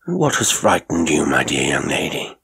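Narrator voices a sinister coaxing gentleman, low and gravelly, husky. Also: measured pace, exaggerated voice. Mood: coaxing whisper. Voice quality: soft, oily and coaxing, turning menacing. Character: coaxing sinister middle-aged country gentleman.

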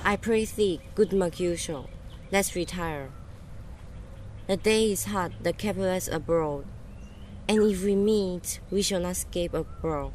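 A cautious young man , played by a woman, warns of a brawl in a low, urgent voice. The lines come in a hurried rush, with a faint outdoor hum behind. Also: a little mellow, lightly acted. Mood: warning. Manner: urgent, warning. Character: cautious young man Benvolio, wary of fights. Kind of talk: amateur Shakespeare film acting.

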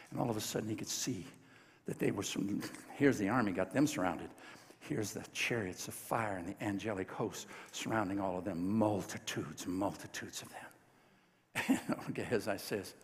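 A man's voice: medium pitch, sing-song, moderate pace, fairly bright tone, in a large hall. A man preaching a sermon, telling a Bible story in a folksy, joking way and acting out the voices. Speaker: pastor. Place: large church sanctuary.

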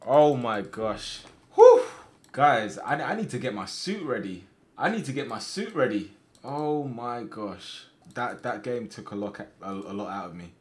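A young man commentating his own football management game, swinging between quiet muttering and loud excited shouts. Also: lowish voice. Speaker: gaming streamer.

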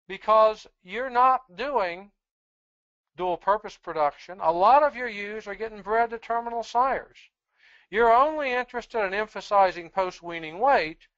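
A presenter giving a webinar lecture on sheep breeding in a measured, explanatory, plain-spoken way. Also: medium pitch, a bit bright, no echo, highs cut off.

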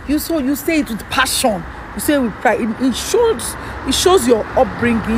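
Edo vlogger, man, Nigerian Pidgin accent; quick, heated commentary with pointed rhetorical questions; faint traffic noise behind. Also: extremely high pitch, animated. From Edo State, Nigeria. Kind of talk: political commentary rant.

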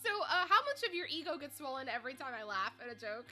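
Woman, tipsy, giggly, high and lively voice, bright tone, let's-play chat. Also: fast, soft background music. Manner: giggly, laughs a lot. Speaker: streamer playing a game.

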